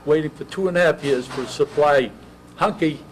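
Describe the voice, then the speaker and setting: A man in his eighties, a veteran, telling his service story in an oral history interview, halting and reminiscing. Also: a little high, slight background noise, rough recording. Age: 80s.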